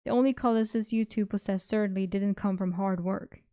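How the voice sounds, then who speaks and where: A woman reading aloud, voicing a gruff, blunt middle-aged male warlord of common birth with curt, growling lines. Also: mid-range voice, fairly even intonation, brisk, dark tone, dry recording, clean studio sound, close to an everyday voice.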